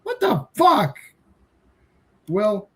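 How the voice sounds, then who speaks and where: A man's voice: high-pitched, wildly swooping pitch, drawn-out words, bright, forceful tone. A man co-hosting a casual horror movie review, ranting with exasperated profanity. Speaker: podcast co-host.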